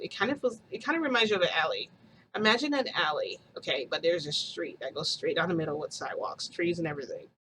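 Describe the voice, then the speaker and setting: A woman vlogger telling a story to her viewers in a chatty, animated way, acting out quoted dialogue. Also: on the low side, slight background noise, low-quality recording.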